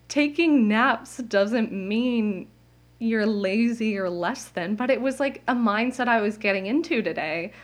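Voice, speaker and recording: A young woman hosting her own podcast, talking candidly and at length, full of "like" fillers and quick laughs. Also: fairly high pitch. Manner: candid, rambling, many "like" fillers, laughs often. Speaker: podcast host. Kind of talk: casual solo podcast monologue. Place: home, indoors.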